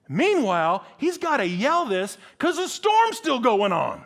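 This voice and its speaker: Animated, high-voiced male preacher. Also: normal speed, hardly any pauses. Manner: animated, acts out dialogue with big pitch swings. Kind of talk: sermon.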